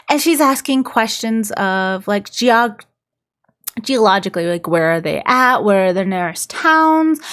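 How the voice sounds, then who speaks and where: A woman's voice: medium pitch, a bit bright. Chatty woman recapping a book. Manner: chatty, lots of "like" fillers. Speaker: book reviewer. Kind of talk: casual plot recap.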